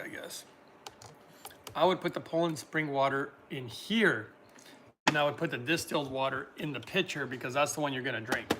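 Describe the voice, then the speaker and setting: A man's voice: a little high, background noise. A man hosting a casual livestream, reading out viewer comments and answering them in a chatty way, laughing often.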